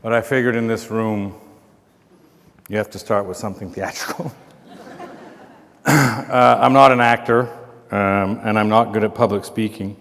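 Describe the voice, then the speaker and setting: A man giving a festival lecture in a rambling, self-mocking way, often pausing with fillers. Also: lowish voice, fairly even intonation, fairly bright tone. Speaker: keynote lecturer. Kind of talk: informal speech with anecdotes. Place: large festival lecture hall. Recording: reverberant lecture hall.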